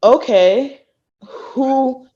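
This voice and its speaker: Animated young woman telling stories, lo-fi. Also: high-pitched, extremely slow. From Texas. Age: late 20s. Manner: animated storyteller who acts out quoted people. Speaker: guest, former college thrower. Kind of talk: casual podcast interview. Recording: dull lo-fi sound.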